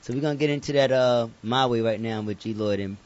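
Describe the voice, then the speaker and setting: A man hosting a casual radio show, talking loose and slangy, laughing often and getting excited. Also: medium pitch, fast, slight background noise. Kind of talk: casual chat. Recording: dull lo-fi sound with faint music.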